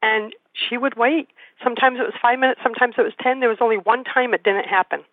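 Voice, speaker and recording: Female talk host who tells lively stories and mimics the people she quotes. Comes through a tinny phone line. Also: on the high side, fast talker, no echo. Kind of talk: casual storytelling conversation.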